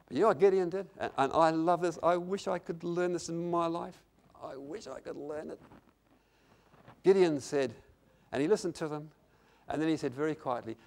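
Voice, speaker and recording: An older man preaching a sermon, repeating lines for emphasis and swinging from quiet, intimate passages to loud, emphatic ones. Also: fairly high pitch, fairly quick, gravelly.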